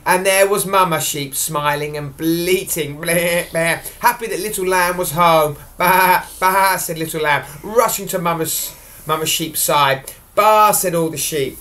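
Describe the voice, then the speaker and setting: A woman reading a picture book aloud to a child at home, animated and asking questions along the way. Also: low voice, normal speed.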